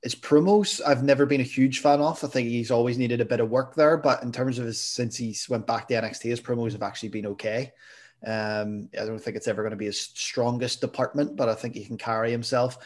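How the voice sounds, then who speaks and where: A man co-hosting a podcast, chatting casually in a measured way that hedges his views. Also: mid-range voice, fairly even intonation. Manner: measured, hedging with "I suppose" and "kinda". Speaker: podcast co-host. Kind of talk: casual chat.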